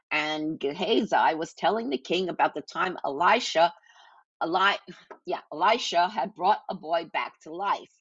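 A woman's voice: fairly low pitch, animated, normal speed, breathy edge, no room sound, muffled recording. A woman reading and teaching a Bible passage in an earnest devotional style. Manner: earnest, reads scripture aloud with small slips.

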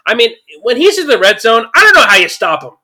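A man giving a casual, chatty recap of a football game, getting excited at big plays and using lots of fillers. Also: very high-pitched, fast talker. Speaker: sports commentator.

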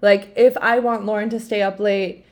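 A young woman co-hosting a podcast, recounting a night out in animated casual chat. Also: medium pitch, moderate pace. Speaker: podcast co-host.

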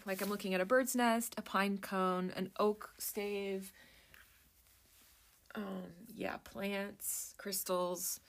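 A chatty woman talking to her viewers in an easy, rambling way, breaking off mid-thought and starting over. She drifts into a soft murmur while she reads lists aloud from a book. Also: medium pitch, slight background noise. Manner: rambling, self-interrupting, chatty. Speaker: vlogger. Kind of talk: casual chat while browsing a book.

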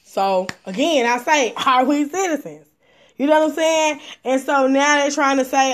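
A woman's voice: high voice, normal speed. A woman hosting a casual livestream, talking emphatically and repeating herself as her points build. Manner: emphatic and repetitive, building indignation. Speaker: livestream host.

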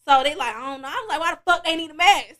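A woman's voice: high voice, rapid-fire. A young woman hosting a podcast, telling a wild story in casual, profane chat and acting out the other people's lines. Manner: animated, profane, acts out voices and beats, laughs often. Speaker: podcast host.

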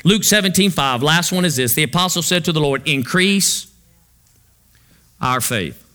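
Pastor guy preaching, high voice, really bright and ringing, keeps tossing "what?" back at the crowd. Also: lively intonation, normal speed. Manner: preacherly, fill-in-the-blank questions to the congregation. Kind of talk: sermon.

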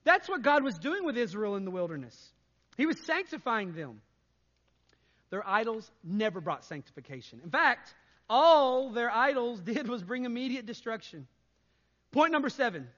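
A man preaching a sermon as pastor, conversational and animated, often adding "right?" to his points. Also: extremely high pitch, long reverb tail, highs cut off.

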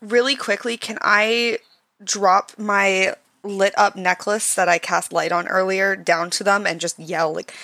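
A woman with a gravelly, creaky voice, recorded dry and close. She plays in a relaxed tabletop game and asks eager questions. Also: mid-range voice, measured pace, no echo. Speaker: player. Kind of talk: casual tabletop play.

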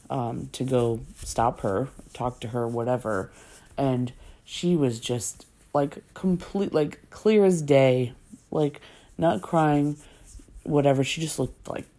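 A woman with an unusually deep voice and a gravelly fry, talking in a loose, rambling way. She fills her sentences with "like" and "um" as she tells a personal story. Her tone stays dark and mellow. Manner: chatty, rambling, full of "like" and "um" fillers.

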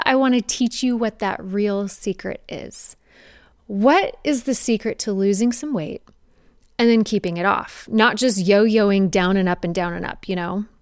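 Young fitness coach lady chatting to camera, lively and teasing, dry close sound. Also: mid-range voice, clear, resonant tone, no room sound. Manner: energetic, conversational, playful with mocking asides. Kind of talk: direct-to-camera coaching talk.

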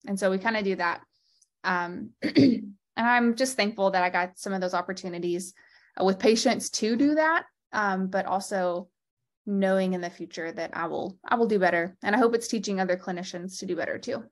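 A woman clinician and podcast founder speaking as an interview guest, earnest and heartfelt, talking in quick, open bursts. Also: medium pitch. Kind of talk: candid conversational interview.

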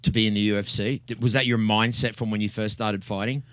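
A man's voice: lowish voice, fairly even intonation, fast talker, fairly bright tone, no echo. A man hosting a casual interview, talking bluntly and casually and swearing as he eggs on his guest. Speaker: podcast host.

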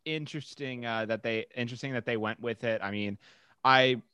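A man's voice: mid-range voice, brisk, bright, forceful tone, clean tone, dry recording. A man chatting casually, easygoing and hesitant, trailing into fillers. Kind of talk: casual chat.

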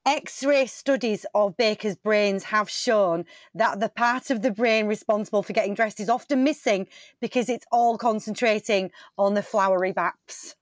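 A woman's voice: medium pitch, a little slow, dry recording, clean studio sound, close to an everyday voice. A woman improvising a bossy veteran baker who confidently makes up facts and swears. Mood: cocky. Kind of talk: improv comedy scene.

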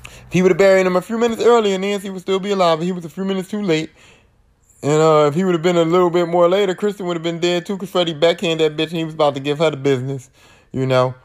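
A man hosting his own podcast, retelling horror movies in a loose, rambling way full of slang and profanity. His speaking voice sits a little higher than most men's. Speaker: podcast host. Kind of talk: casual movie recap.

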